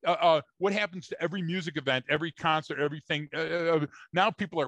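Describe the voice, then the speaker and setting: A man's voice: on the high side, quick pace, hardly any pauses, fairly bright tone, dry recording. A man co-hosting a podcast, explaining points emphatically and addressing his listeners directly in a casual, lecturing discussion. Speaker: podcast co-host.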